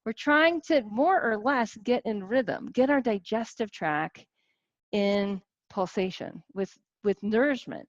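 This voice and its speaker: Woman in her forties, wellness coach, casual group talk, lively with restarts, muffled dry sound. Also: mid-range voice, no room sound. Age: 40s. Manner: animated, many restarts and rhetorical questions.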